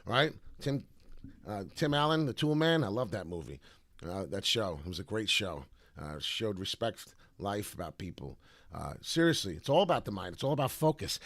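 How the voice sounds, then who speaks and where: A man's voice: medium pitch, no echo. A man hosting a crypto trading livestream, talking in a preachy, rambling way to his viewers. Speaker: crypto trading show host.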